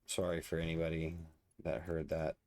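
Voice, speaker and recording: A man's voice: extremely low pitch, completely flat delivery, moderate pace, darkish tone. A man casually commenting on his gameplay, muttering and thinking aloud as he builds. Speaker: let's play host.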